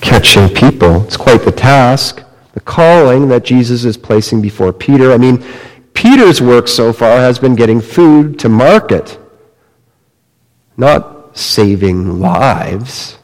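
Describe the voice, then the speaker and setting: A man preaching a sermon, retelling a story slowly and dramatically, dropping to a hush and rising again. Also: mid-range voice, lively intonation. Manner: slow, dramatic storytelling with wide swings in loudness. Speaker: pastor. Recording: long reverb of a large hall.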